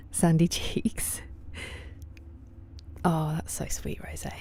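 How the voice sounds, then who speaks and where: A woman livestreaming a game late at night, casually answering viewers' chat messages by name and often slipping into a soft half-whisper. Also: sits low, sing-song, very slow.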